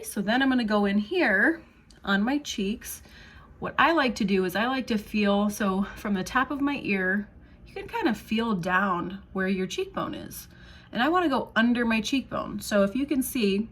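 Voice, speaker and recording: A woman's voice: medium pitch, fairly bright tone. Chatty woman demoing makeup. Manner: chatty, reassuring, checks in with "okay?". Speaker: makeup demonstrator. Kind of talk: casual makeup tutorial.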